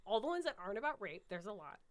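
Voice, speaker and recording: A woman co-hosting a casual chat, with animated, giggly, profane banter. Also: mid-range voice, rapid-fire. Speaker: podcast co-host.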